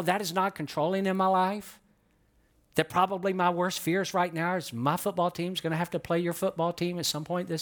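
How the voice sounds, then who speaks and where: A middle-aged man preaching a sermon in church as pastor, emphatic and building in intensity, asking the congregation questions and calling for their responses. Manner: emphatic, rising in pitch and volume as he preaches. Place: church sanctuary.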